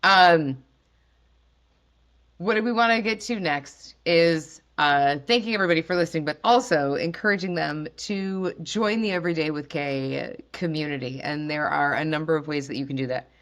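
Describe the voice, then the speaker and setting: Low-voiced chatty woman podcast host. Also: normal speed. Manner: animated, chatty with fillers. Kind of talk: casual chat.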